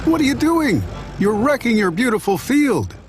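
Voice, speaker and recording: A man voicing an excitable, easily alarmed young man who exclaims in a high, yelping voice. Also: normal speed. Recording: narration over clear background music.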